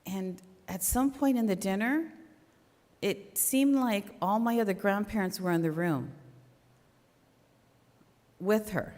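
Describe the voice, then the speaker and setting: A middle-aged woman speaks earnestly and conversationally, sharing a personal faith talk at a church memorial service. Her voice sits at an ordinary pitch for a woman. It carries a long reverberant tail from the hall. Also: slow, long pauses, a little mellow. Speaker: church member giving a talk.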